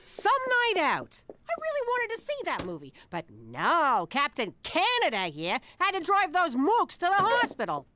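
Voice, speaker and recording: A woman's voice: extremely high pitch, wildly swooping pitch, a little slow, few pauses, pushed and bright, a little hiss or hum, full character voice. A woman voicing a brash, theatrical mob wife and mother with a New York Italian-American accent in a cartoon.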